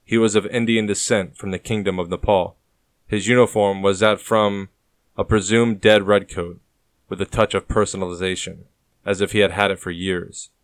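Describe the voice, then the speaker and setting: A man narrating a historical adventure audiobook in a steady descriptive reading. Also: on the low side, smooth, no room sound, studio quality.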